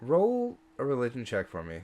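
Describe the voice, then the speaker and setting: Lively, playful male game master. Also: medium pitch, normal speed. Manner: explanatory, playful. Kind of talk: running a tabletop game.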